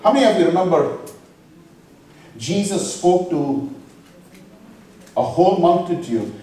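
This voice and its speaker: A man delivers a sermon, putting questions to his listeners and quoting scripture as he goes. His voice sits a little high. It rings through a very echoey space, picked up from some way off the microphone. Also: mellow, slight background noise. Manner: preaching with rhetorical questions and scripture quotes. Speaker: pastor. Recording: echoey room, voice from far off the mic.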